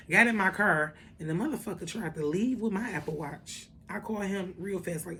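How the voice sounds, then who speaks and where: A woman telling a story in a casual vlog, animated and profane, with lots of asides to the viewers. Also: lowish voice, a little fast, hardly any pauses, a little hiss or hum. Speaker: vlogger.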